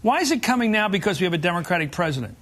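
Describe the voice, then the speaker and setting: A man's voice: high voice, big pitch swings, very fast, a bit bright. A man hosting a TV talk show, grilling his guest with incredulous, interrupting questions. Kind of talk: combative cable news interview. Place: TV studio.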